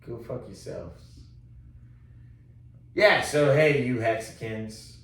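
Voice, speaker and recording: Texan man, casual profane podcast co-host, lively rants, set back from the mic in a roomy space. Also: medium pitch, slow pace, gravelly. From Texas. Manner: profane, animated storytelling, loud when quoting himself. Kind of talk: casual chat. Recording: roomy echo, distant mic.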